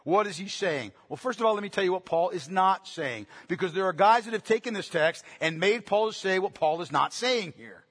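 A man preaching a sermon, emphatic, repeating phrases for stress, shifting between hushed and loud passages. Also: high-pitched, lively intonation, moderate pace, hardly any pauses, slightly rough. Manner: swings from quiet to loud. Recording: long echo of a large hall.

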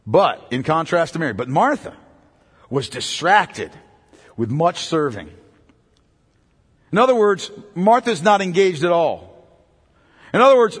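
Man, pastor, sermon, husky, lively intonation, long hall reverb. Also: high-pitched. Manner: emphatic, repetitive preaching with rhetorical questions.

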